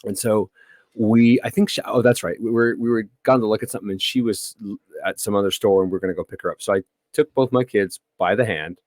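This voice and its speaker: A man's voice: fairly low pitch, fairly quick, a little mellow, no room sound. A man in his thirties co-hosting a podcast, telling a story in casual chat and acting out the lines he quotes. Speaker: podcast co-host.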